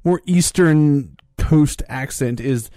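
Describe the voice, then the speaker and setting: A man guesting on a casual podcast talks in a laid-back, wry way. His voice is warm and dark, and the sound is dry and close. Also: fairly high pitch, takes it slowly, no echo. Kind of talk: casual chat.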